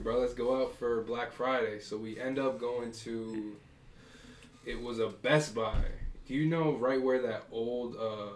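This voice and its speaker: A man's voice: mid-range voice, a little mellow, roomy sound, a little hiss or hum. A man hosting a podcast in casual chat, talking in a laid-back, slangy way and calling people bro. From New Jersey.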